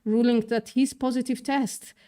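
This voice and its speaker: In this clip a woman hosts a livestream, reading the news out loud and tossing in sarcastic, profane asides while stumbling over words. Her voice is fairly high and dark in tone, with fairly even intonation and a normal speed. Her accent is mixed, partly tinged with British.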